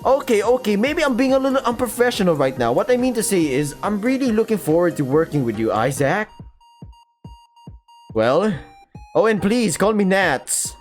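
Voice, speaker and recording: A man's voice: high voice, big pitch swings, normal speed, pitched above the performer's own voice. A Filipino man voicing an eager, earnest young woman who works as a lab handler, chatty and a little flustered, reading a visual novel aloud over faint game music.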